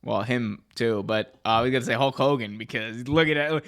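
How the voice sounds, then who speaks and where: A man co-hosting a casual wrestling preview podcast, animated and jokey. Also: mid-range voice, a little fast. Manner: animated, jokey, puts on mock accents. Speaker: podcast co-host.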